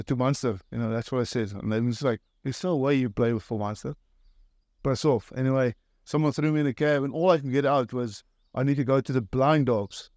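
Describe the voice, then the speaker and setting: Guest: man, halting laughing anecdotes, very dry close sound. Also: mid-range voice, darkish tone, dry recording. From South Africa. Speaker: guest, former rugby player. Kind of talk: casual storytelling.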